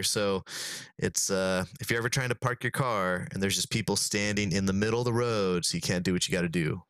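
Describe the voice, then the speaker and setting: A young man co-hosting a comedy podcast, telling a long, animated rambling rant. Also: fairly low pitch, brisk, no echo, clean studio sound. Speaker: podcast co-host. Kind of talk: casual comedic podcast chat.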